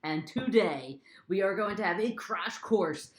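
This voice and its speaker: A woman's voice: medium pitch, expressive, measured pace, reverberant, a little hiss or hum. A young woman teaching an online reading lesson to children in an upbeat, playful way, singing a few phrases.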